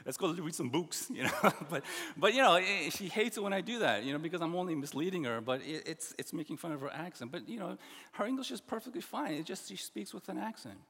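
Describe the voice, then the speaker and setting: A middle-aged man preaching a sermon as pastor, earnest and animated, with many restarts and asides. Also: high-pitched, fast talker, vocal fry, husky. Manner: animated, earnest, with frequent restarts and "you know". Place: church sanctuary. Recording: long hall reverb.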